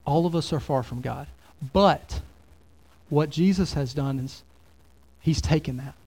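A male pastor delivering a sermon, his voice sitting a little higher than most men's. He talks to his congregation in a relaxed, conversational way and keeps asking them questions. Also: unhurried. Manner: conversational, many rhetorical questions.

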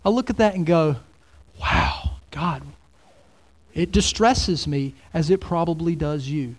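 A male pastor delivering a sermon, his voice sitting a little higher than most men's. He talks to his congregation in a relaxed, conversational way and keeps asking them questions. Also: normal speed. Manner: conversational, many rhetorical questions.

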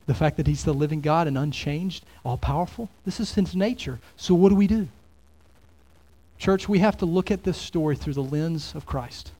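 Slightly high-voiced male pastor preaching. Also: warm tone. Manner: conversational, many rhetorical questions. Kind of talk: sermon.

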